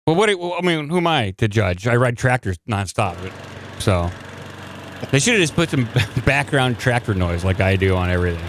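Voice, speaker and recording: A man's voice: medium pitch, big pitch swings, a little fast, fairly bright tone. A male host talks loosely, full of jokes and meandering asides. A faint hum of noise sits behind his voice. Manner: loose, joking, full of fillers and restarts. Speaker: podcast host. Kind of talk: casual chat.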